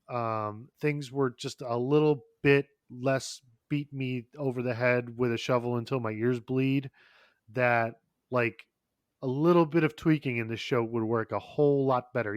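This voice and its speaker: A man co-hosting a casual podcast, talking at a middle pitch in long, looping sentences full of "like" and "uh". He swears freely and keeps circling back to restate his point. The sound is dry and close, with no room around it. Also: dry recording. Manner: rambling, profane, lots of fillers and restarts. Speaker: podcast co-host.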